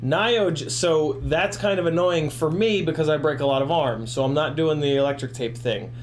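A man's voice: on the high side, moderate pace, slight background noise. Tipsy, rambling middle-aged man. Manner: rambling, profane, ranting, laughs often. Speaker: FPV drone livestream host. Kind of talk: casual livestream chat.

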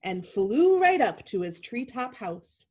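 A woman's voice: mid-range voice, big pitch swings, slow, darkish tone, slightly rough, dull audio. A woman narrating a picture book aloud to a class over a video call. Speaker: teacher.

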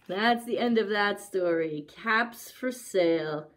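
A woman librarian reading a picture book aloud at story time, pausing to ask the young listeners questions. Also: medium pitch. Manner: slow, expressive, asks young listeners questions. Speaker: children's librarian.

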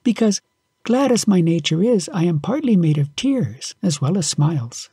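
A man's voice: high-pitched, very animated, normal speed, dark tone, slightly rough, no room sound, clean studio sound, exaggerated voice. A man doing a sweet coaxing fairy. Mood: gentle. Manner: coaxing, arch and playful. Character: sweet cheerful little fairy spirit, female.

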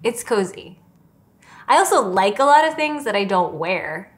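A woman from upstate New York, the host's sister, chatting casually in a Q&A, self-mocking and quick to laugh. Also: mid-range voice, very animated. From Saratoga Springs, New York. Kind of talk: casual Q&A chat.

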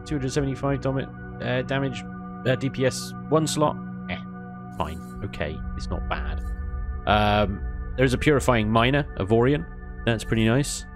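Man, gameplay commentary, lively pitch swings, soft music underneath. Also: moderate pace. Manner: animated ranting with bursts of laughter and mild swearing. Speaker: gaming YouTuber.

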